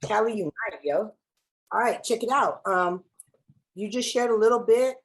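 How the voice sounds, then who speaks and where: A woman's voice: medium pitch, normal speed, husky, low-quality recording. A woman from Los Angeles facilitating an online workshop over a video call in a playful, slangy, chatty way. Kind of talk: lively online workshop hosting.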